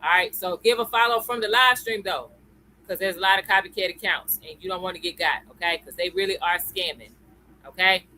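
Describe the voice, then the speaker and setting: Bright-voiced woman teaching on a live stream. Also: on the low side, steady tone, fairly quick, a little hiss or hum, rough recording. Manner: chatty, greets viewers by name, tags lines with "okay?" and "y'all". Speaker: crypto educator hosting a live stream. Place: at home computer.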